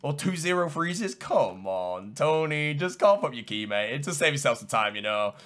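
A man giving live gameplay commentary, excitable, going from low muttering to loud shouts. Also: moderate pace. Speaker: gamer.

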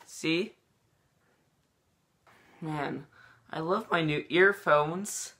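A YouTuber hosting a goofy comedy vlog. The voice is bright and the pace slow and drawn out. The delivery is deadpan and mock-dramatic. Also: medium pitch.

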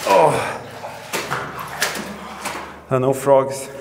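A man exploring an underground bunker, talking to his camera in excited bursts and often repeating himself, recorded on a handheld camera. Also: mid-range voice, drawn-out words, gravelly. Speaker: history explorer vlogger. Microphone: handheld camera mic. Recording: echoey bunker with long reverb, faint noise.

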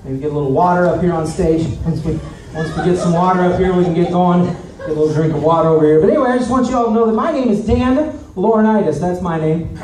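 A man's voice: sits high, fast, a little mellow. A man working as a stage hypnotist, playfully repeating himself and ordering volunteers around during a live show. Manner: repetitive, playful, commanding audience. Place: large venue with audience. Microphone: handheld stage microphone from afar. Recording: echoey room, distant mic, noisy.

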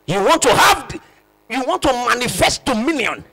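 Raspy, high-voiced preaching pastor. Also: male voice, expressive, normal speed. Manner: impassioned preaching, often shouting and repeating phrases for emphasis. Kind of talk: sermon.

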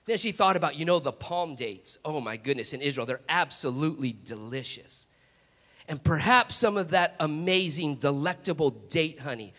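A male preacher telling a story in an animated, repetitive way during a sermon in a large church sanctuary. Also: on the high side, normal speed. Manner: animated storytelling, repeated restarts. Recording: long church hall reverb.

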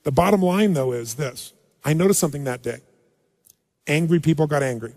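A man with a notably high-pitched voice leads a live motivational seminar, pressing the crowd with direct questions and calls to raise their hands. His voice carries a long reverberant tail from the large hall he speaks in. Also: lively intonation, fairly quick, darkish tone. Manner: rousing, quizzes the audience directly. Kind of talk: live stage seminar talk.

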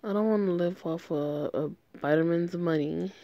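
A woman's voice: lowish voice, normal speed, mellow, no echo, lo-fi sound, natural voice. A woman voicing a tender, remorseful young male gang member as she reads a story game aloud in an earnest, emotional way.

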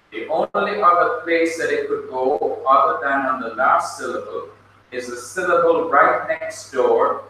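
A man with a Jamaican accent teaching a classroom lesson, slow and patient, spelling words out letter by letter. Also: medium pitch, sharp tone. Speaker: Bible college teacher. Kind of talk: classroom lecture. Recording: echoey room, distant mic, faint noise.

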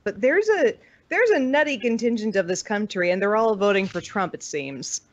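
A woman's voice: medium pitch, animated, moderate pace, no echo. An American woman chatting as a podcast guest, candid and laughing often, swearing freely. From United States. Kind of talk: casual chat. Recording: dull lo-fi podcast audio.

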